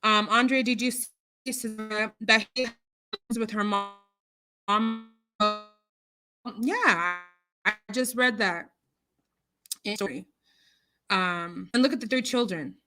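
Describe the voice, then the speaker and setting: Taking it slowly with long pauses, a medium-pitched woman with a sharp tone reads her viewers' comments during a casual livestream. Her reactions are outspoken and indignant, and she's recorded on a computer mic over a streaming call.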